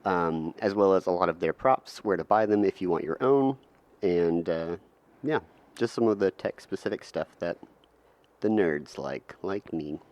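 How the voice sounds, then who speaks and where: A man co-hosting a podcast, laying out topics in a relaxed, methodical way. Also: sits low, unhurried. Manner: relaxed, methodical, lays out segments. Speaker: podcast co-host. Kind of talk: casual chat.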